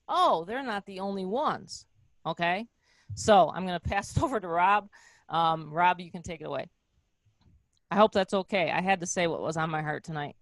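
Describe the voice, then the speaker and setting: Woman in her 50s, low-pitched, earnest and emotional, dry video-call sound. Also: no echo. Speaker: host of a team call. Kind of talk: heartfelt motivational talk on a video call.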